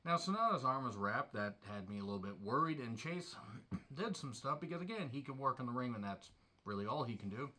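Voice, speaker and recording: A man's voice: mid-range voice, lively intonation, fairly quick, pushed and bright. A man giving a casual solo review of a wrestling show, talking bluntly and sarcastically with a lot of swearing.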